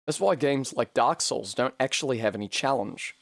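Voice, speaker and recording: A man streaming a game live, animated and swearing freely between bursts of laughter. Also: mid-range voice, moderate pace, vocal fry, dry recording, clean studio sound. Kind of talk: live gameplay commentary.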